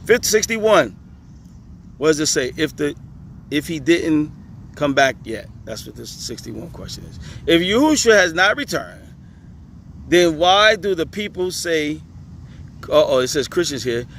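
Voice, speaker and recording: Emphatic man, on the higher side, reading and commenting outdoors with traffic behind; quick to laugh. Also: a bit bright. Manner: laughing, emphatic, talks back to the page. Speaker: religious commentator. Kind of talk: reading questions aloud with commentary. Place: outdoors on a hot day, traffic nearby.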